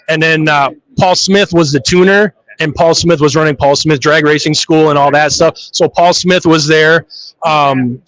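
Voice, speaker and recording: A man's voice: on the high side, a bit bright, poor audio. A man who drives funny cars, telling stories in a live interview and acting out his own reactions. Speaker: funny car drag racer. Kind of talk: live trade show interview.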